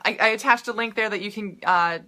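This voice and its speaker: A woman's voice: medium pitch, brisk, sharp tone. A young woman with a Minnesota accent, a health coach chatting casually and upbeat to viewers, with lots of ums and restarts. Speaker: health coach and podcast host. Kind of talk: casual live-stream talk to viewers.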